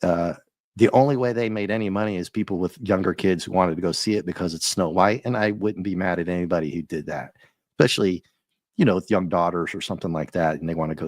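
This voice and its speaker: A man hosting a live stream, chatting and ranting casually with viewers, his voice a little rough and often breaking into laughs. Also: low-pitched, quick pace, no echo. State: slightly rough voice. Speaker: livestream host.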